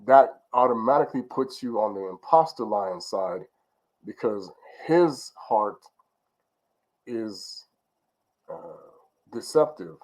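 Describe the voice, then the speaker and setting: Rambling man teaching with lower voice. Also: low-quality recording. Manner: rambling, with many fillers and restarts, ending lines with okay?. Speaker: spiritual teacher. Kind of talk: informal religious teaching.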